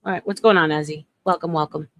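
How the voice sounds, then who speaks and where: A woman's voice: sits low, steady tone, quick pace, fairly bright tone, no room sound. A woman in her forties from New York hosting a casual live chat, talking in a chatty way with many restarts. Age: 40s. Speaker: livestream host. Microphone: phone.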